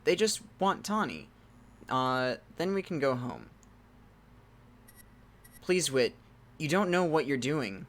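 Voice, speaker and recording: A man on the high side of pitch reads a text adventure slowly and animatedly, leaving long pauses. Game music plays behind him, and he sometimes breaks into loud, startled cries.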